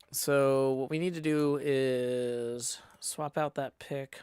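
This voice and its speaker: A man's voice: medium pitch, a little slow, few pauses, darkish tone, clean tone. A man chatting casually on a live stream while he plays. He hums tunelessly, mutters to himself and slips in dry joking asides. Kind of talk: casual livestream chat while playing.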